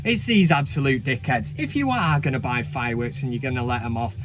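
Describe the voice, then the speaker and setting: A man's voice: mid-range voice, animated, a little fast, hardly any pauses. A man hosting a casual comedic countdown, chatting cheekily with frequent swearing and asides. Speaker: host.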